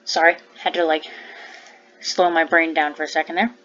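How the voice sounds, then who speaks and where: A woman's voice: sits low, flat delivery, moderate pace, a bit bright, lo-fi sound, slight background noise. A woman playing a visual novel who reads its text aloud and reacts with blunt, swear-heavy, teary commentary. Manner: emotional, swears a lot, blunt. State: teary after crying. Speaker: let's play gamer. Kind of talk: casual gameplay commentary, reading game text aloud.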